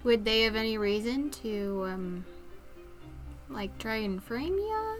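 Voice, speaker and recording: A woman's voice: on the high side, lively intonation, takes it slowly, soft background music. A woman playing a tabletop game, talking hesitantly with many fillers. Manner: hesitant, filler-heavy, giggly. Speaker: player. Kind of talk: casual tabletop play.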